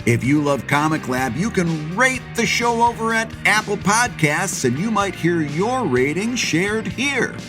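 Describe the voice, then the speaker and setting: A man's voice: sits high, very animated, unhurried, hardly any pauses, over music. A man co-hosting a podcast, chatting in an upbeat, joking way. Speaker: podcast co-host. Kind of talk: casual chat.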